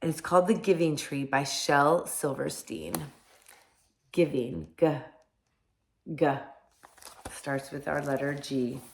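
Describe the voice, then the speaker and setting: A woman teacher reading picture books aloud to young children, animated and gentle, often asking them questions. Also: deep voice, slow pace, creaky, long pauses, slight background noise. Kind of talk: children's storybook read-aloud. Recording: echoey room.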